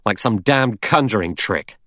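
A man's voice: fairly low pitch, expressive, measured pace, bright, forceful tone, no room sound, studio quality, voice pushed up, exaggerated voice. A man reading aloud and voicing a blunt man who speaks emphatically and insists he is right. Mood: insistent.

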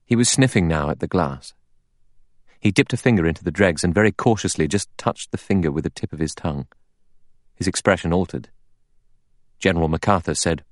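Very deep man reading a novel aloud, steady and measured, dry close sound. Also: no room sound. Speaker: audiobook narrator. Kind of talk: scripted narration.

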